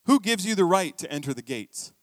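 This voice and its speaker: A middle-aged male pastor preaches in a chatty, storytelling way, dropping into hushed asides and then jumping up into lively bursts of emphasis. His voice sits a bit higher than most men's. The sound is dry and close, with almost no room in it. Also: brisk, dry recording. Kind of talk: sermon.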